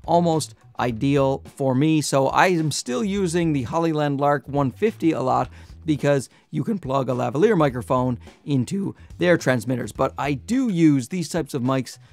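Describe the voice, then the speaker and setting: A nasal, fairly high-voiced man talks through a gear review in a loose, joking way, now and then pushing his voice loud. He's on a clip-on lapel mic, and the sound is dry and close with no room around it. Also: expressive, moderate pace, gravelly, dry recording. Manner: chatty, joking, loud at times. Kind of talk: casual product review.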